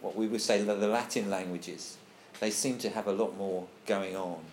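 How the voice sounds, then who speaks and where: A man's voice: fairly low pitch, steady tone, normal speed, darkish tone. A man leading a casual group discussion, thinking aloud and reading passages out to the group. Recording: echoey room, faint background noise.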